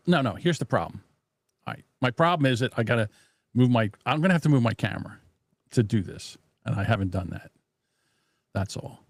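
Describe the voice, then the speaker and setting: A man's voice: on the low side, dry recording. Guy live streaming from his desk, talking to himself, swears a lot, dry close sound. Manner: muttering to himself while fiddling with software; blunt, profane, mocking. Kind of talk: casual live stream chat. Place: home desk. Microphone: desk microphone.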